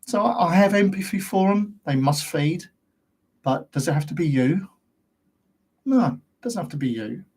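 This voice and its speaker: A man's voice: high-pitched, expressive, moderate pace, long pauses, darkish tone, breathy edge. A British man hosting his own channel, talking straight to camera in a rambling, ranting monologue full of rhetorical questions. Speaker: host of a paranormal investigation channel.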